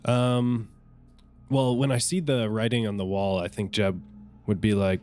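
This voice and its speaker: A man's voice: on the low side, fairly even intonation, a little slow, darkish tone, soft background music. A man who is a guest player in a tabletop game, talking in a laid-back, rambling way with many fillers.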